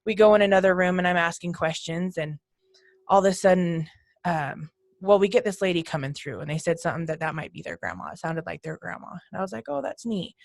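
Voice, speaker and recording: A woman's voice: on the low side, lively intonation, quick pace, creaky, no echo, clean studio sound. A woman guest on a podcast, telling her ghost hunting stories casually and acting out the voices in them.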